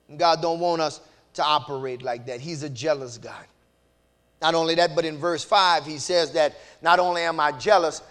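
A male preacher, his voice high and bright. He moves from quiet, low asides to shouted peaks. Along the way he acts out scripture dialogue in different voices. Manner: acts out dialogue between God and Hosea in character. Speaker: pastor. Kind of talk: sermon.

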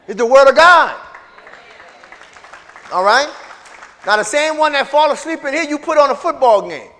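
A high-pitched male preacher, working a congregation with call-and-response. His voice rises from hushed lines to loud, ringing ones. The sound carries a long hall reverb. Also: sing-song, normal speed, long pauses. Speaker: pastor. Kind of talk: sermon. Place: large church sanctuary with reverb.

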